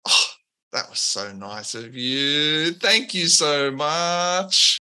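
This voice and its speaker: A man voicing a cheerful young female tiefling who juggles fire, in a high bubbly voice. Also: very slow, sharp tone, exaggerated voice.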